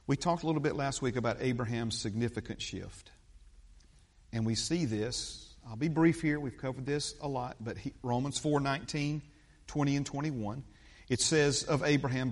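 A middle-aged man preaching a sermon in an ordinary mid-range voice. He swings between quiet, confiding asides and loud, emphatic declarations. The recording carries a long, ringing reverb. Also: normal speed. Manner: emphatic preaching with big swings in pitch and loudness. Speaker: pastor.

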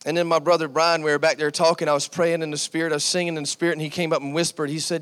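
A man with a high voice preaches to his congregation, often stopping to ask "Amen?" and pressing his points with "See,". The sound rings with a long reverb from the church sanctuary around him. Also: fairly even intonation, racing, hardly any pauses, fairly bright tone. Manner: call-and-response preaching, repeated "Amen?" and "See,". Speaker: pastor. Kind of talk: sermon.

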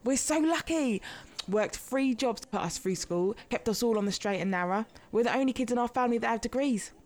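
A woman's voice: fairly high pitch, animated, brisk, a little mellow, lightly acted. A woman playing a brash, sweary British party girl. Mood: chatty. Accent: British English. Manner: brash, sweary, calls her friend babes. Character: brash hungover young woman, sweary and devoted to her friend. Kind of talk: scripted comedy dialogue.

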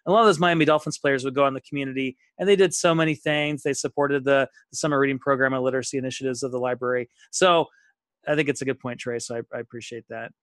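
A man hosting a fantasy sports podcast in casual chat, wrapping up the show with a brisk, upbeat sign-off. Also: medium pitch, fairly even intonation, a bit bright, no room sound. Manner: upbeat, brisk host read of the outro. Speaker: podcast host.

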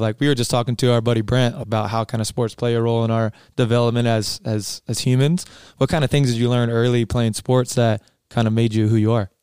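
A man's voice: medium pitch, darkish tone, smooth, no room sound, clean studio sound. Upbeat man hosting a podcast. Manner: upbeat, rambling, lots of fillers. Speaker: podcast host, coach. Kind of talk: casual podcast chat.

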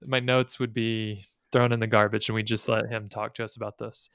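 A man in his thirties co-hosting a podcast, chatting casually with quick asides and jokes. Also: lowish voice, flat delivery, a bit bright, dry recording, clean studio sound. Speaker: podcast co-host. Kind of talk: casual chat.

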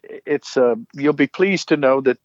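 A man's voice: medium pitch, measured pace, no echo. An older man, a voice actor guest, chatting casually and telling playful stories. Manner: playful storyteller, slips into character voices. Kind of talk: casual interview chat. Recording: dry, dull lo-fi remote audio.

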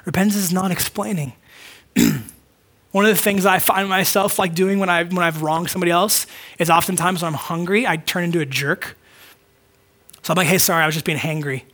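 A man's voice: sits high, steady tone, normal speed, long pauses, fairly bright tone. A man preaching a conversational sermon, acting out short quoted dialogues. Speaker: pastor.

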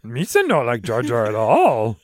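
A man's voice: medium pitch, wildly swooping pitch, moderate pace, dry recording, studio quality. A man voicing a small wise old alien master, speaking in inverted broken grammar. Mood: mocking.

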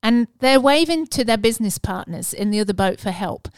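A woman's voice: on the high side, animated, a little fast, clean tone, dry recording. Earnest woman giving a casual sermon. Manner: earnest, conversational, with fillers and restarts. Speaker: preacher.

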